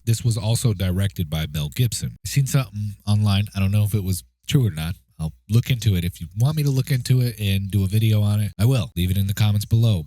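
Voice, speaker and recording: A man's voice: fairly low pitch, warm tone, dry recording. A man giving a casual spoken movie review, chatty and checking in with the listener as he goes. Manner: chatty, keeps asking "okay?" and "right?".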